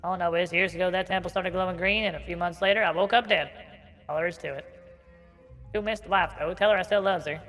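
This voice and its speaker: A simple-minded male ghost farmer cracks folksy jokes in broken grammar, as a man puts on the voice. His voice sits high and bright. A long reverb trails each line. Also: fairly even intonation, fast, faint music behind. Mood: rambling. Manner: folksy, ungrammatical, punning.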